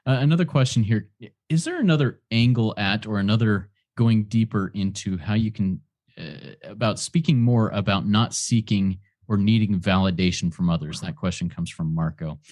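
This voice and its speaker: A man's voice: on the low side, moderate pace, a little mellow, no echo, studio quality. A man hosting a meeting who reads out audience questions. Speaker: meeting host.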